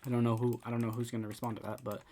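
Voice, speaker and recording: A man at medium pitch talks viewers through a game building tutorial in a loose, casual way. He restarts his sentences often and repeats words as he goes. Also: dark tone, a little hiss or hum.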